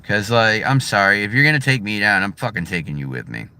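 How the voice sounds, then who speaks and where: Middle-aged American man, low and bright-edged, blunt and profane, casual vlog chat outdoors. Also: expressive, a little fast, a little hiss or hum. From United States. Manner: blunt, profane, swings between heated and subdued. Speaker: vlogger. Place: his driveway.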